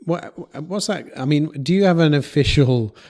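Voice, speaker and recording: A man's voice: fairly high pitch, moderate pace, a little mellow. A man hosting a podcast interview, asking probing questions and teasing his guest bluntly. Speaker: podcast host. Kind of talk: casual interview.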